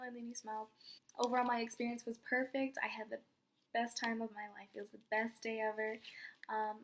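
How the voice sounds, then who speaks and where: A young woman softly telling a personal story in a casual vlog, often dropping to a near whisper. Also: a little high, little pitch movement, fast, slight background noise. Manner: soft-spoken, drifts into whispers. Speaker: fan vlogger.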